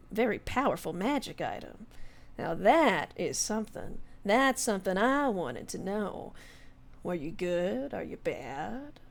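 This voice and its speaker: A charming, teasing male fey stranger from a tabletop adventure, silky and unhurried, voiced by a woman. He draws out his words and savours each one. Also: mid-range voice. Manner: silky, teasing, calls people darling. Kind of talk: tabletop game role-play.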